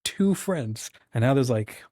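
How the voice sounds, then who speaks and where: A man's voice: medium pitch, lively intonation, unhurried, darkish tone, no echo, clean studio sound. A man from the United States hosting his channel, talking casually and encouragingly, often acting out little quoted conversations. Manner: rambling, encouraging, acts out quoted dialogue. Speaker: channel host. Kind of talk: casual livestream talk.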